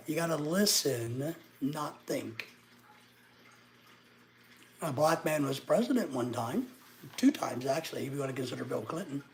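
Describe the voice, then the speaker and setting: This middle-aged livestreamer from Arkansas has a slightly high voice. He answers chat in a casual way and teases viewers with sarcasm, and a bit of background noise can be heard.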